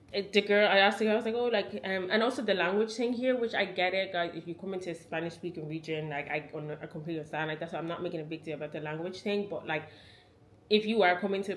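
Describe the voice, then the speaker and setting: A woman's voice: mid-range voice, fairly even intonation, fairly quick. A woman in her twenties with an Irish accent, telling a chatty travel story to camera, full of "like" fillers. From Ireland. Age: 20s. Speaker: travel vlogger.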